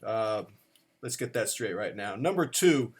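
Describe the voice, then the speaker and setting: A man's voice: lowish voice, animated, measured pace, breathy edge. A middle-aged man giving a comic countdown to camera in a playful, mock-serious way. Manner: playful, mock-serious, acts out quoted dialogue. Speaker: watch vlogger.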